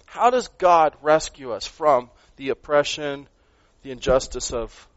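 Male pastor, fairly high voice, earnest sermon delivery with loud peaks and hushed drops; dull, dry recording. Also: measured pace, no room sound. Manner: earnest, swings between loud emphasis and quiet asides, repeats words.

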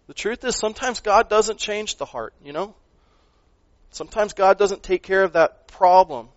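A man delivers a sermon in an earnest voice pitched a bit high, pushing hard on key lines and then falling to near-quiet asides. He stumbles over and repeats words now and then. The recording is dry and slightly dull. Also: normal speed, dry recording. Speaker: pastor.

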